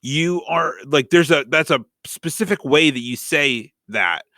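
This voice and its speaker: A young man co-hosting a casual podcast, telling animated stories full of swearing and acted-out quotes. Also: fairly high pitch, measured pace, no room sound, clean studio sound. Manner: animated storyteller who swears freely and acts out quotes. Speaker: podcast co-host. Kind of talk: casual chat.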